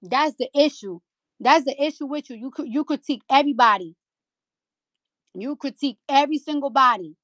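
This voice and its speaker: A woman's voice: high-pitched, a little fast, a bit bright, no echo. A woman delivering a heated, profane rant on a live audio chat, repeating lines for emphasis into a phone mic. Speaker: rapper hosting a live audio chat room. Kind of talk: angry live-stream rant.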